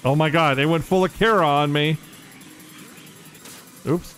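A man giving casual live commentary while streaming a game, excitable and quick to laugh, swearing often and reacting loudly to surprises. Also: a little high, faint music behind. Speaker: streamer playing a modded platform game.

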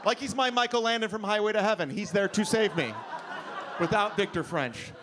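A man's voice: high voice, a little fast. A male stand-up comedian on a comedy club stage, telling a rambling, self-deprecating story. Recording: live club, crowd noise.

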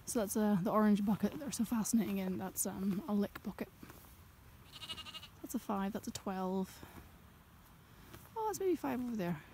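Brief: young woman, soft-spoken ASMR, mellow half-whisper, outdoors in a field, faint noise behind. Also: medium pitch, animated, moderate pace, pauses often. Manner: gentle and chatty, half-whispering. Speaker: ASMR creator and farmer.

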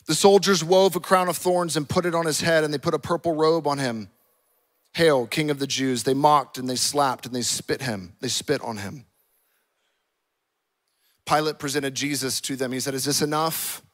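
A man's voice: a little high, moderate pace, a bit bright. A male pastor delivering an impassioned sermon and acting out scripture dialogue. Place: church auditorium.

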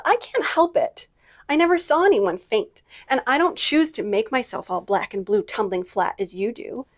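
A woman's voice: on the high side, animated, moderate pace, lightly acted. A woman voicing a prim little girl with an affected, fussy way of talking. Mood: prissy. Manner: prissy, affected.

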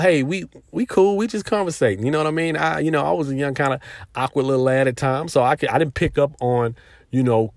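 A man vlogging, telling a personal story in a casual, animated way with lots of "you know" fillers, as a commentary host. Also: mid-range voice, no room sound, clean studio sound. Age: adult with daughters. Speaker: video host.

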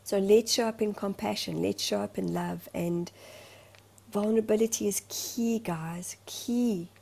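A woman's voice: mid-range voice, fairly even intonation, a little slow, creaky, darkish tone. A woman in a candid vlog monologue, speaking as a life coach in an earnest, emotional, rambling way.

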